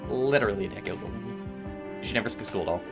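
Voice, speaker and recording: A man's voice: lowish voice, fast, music in the background. A man in his twenties streaming while gaming, chatting casually and telling rambling stories with many restarts. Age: 20s. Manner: rambling storytelling with frequent restarts.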